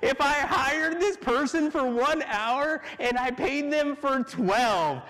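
A gleeful vineyard owner savors his own scheme, drawing out each word with delight, as a preacher puts him on in a sermon. The voice sits high, and a long reverb trails every phrase. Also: animated, slow pace, a bit bright, full character voice. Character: gleeful vineyard landowner plotting a generous prank. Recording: long reverb of a large hall.

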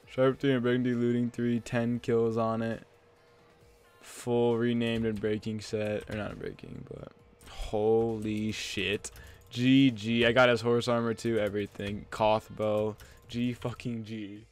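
A young man talks over his own gameplay on a headset mic, excitable and quick to curse. His voice is smooth and clear at an everyday pitch. He breaks into loud, disbelieving exclamations. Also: faint music behind. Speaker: gaming channel host. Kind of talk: Let's Play commentary.

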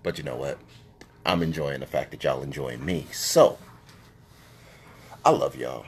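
A brash, profane man ranting casually into a phone on a live stream. His pitch swings widely, leaping up high when he gets worked up. His trash talk is blunt and mocking. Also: wildly swooping pitch, measured pace, gravelly, pauses often, slight background noise. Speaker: live-stream sports show host.

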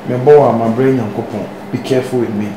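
A man's voice: mid-range voice, steady tone, quick pace, close to an everyday voice. A man with a Ghanaian accent playing a young man confronting an older woman, in a web drama. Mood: stern. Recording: echoey room with noise.

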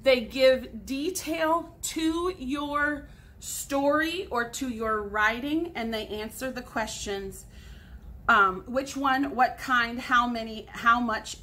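A woman's voice: a little high, pushed and bright, a little hiss or hum. A woman in her forties, a sixth grade teacher, patiently explaining grammar step by step in a recorded lesson for students at home.

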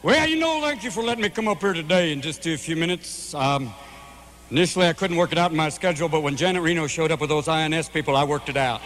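A man in his forties performing live stand-up comedy in a large venue, manic and rapid-fire, jumping between voices. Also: a little high, a bit bright. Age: 40s.

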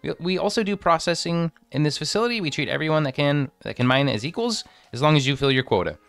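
A man voicing a stern, raspy woman who runs a mining station, reading her lines briskly. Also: on the high side, lively intonation, fairly bright tone, pitched above the performer's own voice. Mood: brisk, businesslike.

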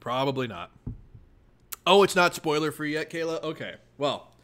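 Reading a webcomic aloud to his viewers, a man with a voice on the high side keeps a moderate pace. He's excitable and laughs a lot, breaking off to talk with chat between lines.

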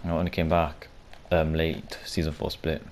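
Brief: low-voiced male gamer, loose foul-mouthed running commentary, faint hiss underneath. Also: flat delivery, moderate pace. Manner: casual and rambling, swears often, bursts into loud shouts and laughter. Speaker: gaming video creator. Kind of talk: live gameplay commentary.

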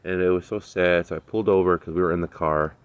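A relaxed vlogger with a very low voice chats casually to his viewers from his backyard garden, as if filming on a phone outdoors. He's laid-back and slangy, full of ums and uhs, talking quickly with slight background noise.

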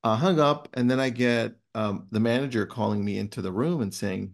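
Gravelly-voiced man hosting a webinar. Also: medium pitch, moderate pace. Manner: animated storyteller, reads passages aloud. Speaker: webinar host. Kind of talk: casual webinar chat.

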